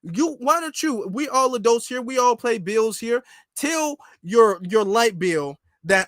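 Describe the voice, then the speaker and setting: A man's voice: extremely high pitch, expressive, measured pace, a bit bright, no room sound, clean studio sound. A man giving a casual political commentary monologue, acting out a mock customer-service call in an emphatic, repetitive way.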